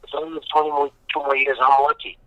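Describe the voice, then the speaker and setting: A man's voice: fairly high pitch, level tone, fast, no room sound, highs cut off. A man, a guest in a casual interview, telling long rambling stories with lots of emphatic repetition. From Boston. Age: 50s.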